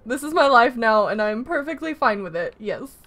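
A woman gamer giving casual, excitable, giggly let's-play commentary. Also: on the high side, moderate pace.

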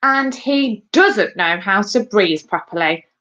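A woman's voice: mid-range voice, expressive, slow pace, fairly bright tone. A woman voicing a blunt, know-it-all schoolboy with a cutting, matter-of-fact way of talking, in a dull lo-fi recording. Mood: scornful.

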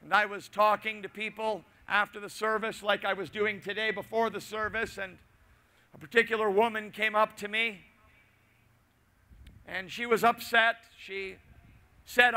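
A middle-aged male pastor preaching a sermon, telling a personal story with asides and repetition, swinging between loud and hushed. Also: high voice, flat delivery, unhurried.

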